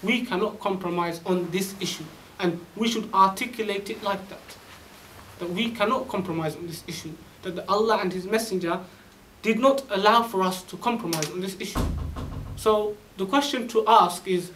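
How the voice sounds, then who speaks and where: A man's voice: sits high, normal speed, a bit bright, recorded from a distance, slight background noise, poor audio. A man giving a religious lecture, preaching emphatically with rhetorical questions and quoted Arabic scripture. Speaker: Islamic preacher.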